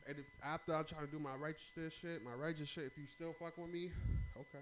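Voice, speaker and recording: A young man chats casually on a podcast, with a bright, forceful tone. He tells stories with lively energy and acts out the arguments in them. A faint hum sits under his voice. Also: a little high, fairly quick. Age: young adult. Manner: animated storyteller, acts out heated arguments loudly. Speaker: podcast host.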